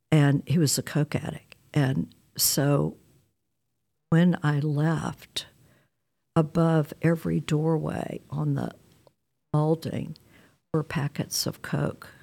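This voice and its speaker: A woman's voice: deep voice, creaky. A woman, telling a personal story in a candid, wry way. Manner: candid, wry, animated retelling with quoted dialogue.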